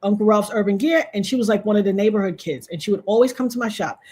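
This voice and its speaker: A woman from Trinidad, a guest on a video-call interview, telling a story in an animated way and acting out the voices of other people. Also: quick pace, husky. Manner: animated, acts out quoted voices with big pitch jumps.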